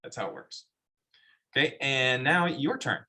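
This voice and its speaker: A man's voice: medium pitch, animated, a little slow, bright, forceful tone. A man teaching a math class, explaining step by step and asking the students questions. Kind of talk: classroom lecture.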